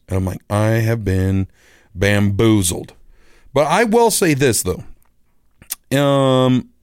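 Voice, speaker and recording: Male, middle-aged, radio personality. Chatty storyteller, animated, mid-pitched, dry close mic. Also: no room sound. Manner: rambling, animated, acts out quoted voices. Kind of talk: casual storytelling monologue.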